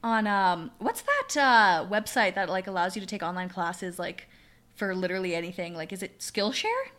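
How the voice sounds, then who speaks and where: Giggly young woman, bright voice. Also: mid-range voice, sing-song, normal speed. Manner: giggly, heavy use of "like". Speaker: podcast co-host. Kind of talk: casual chat.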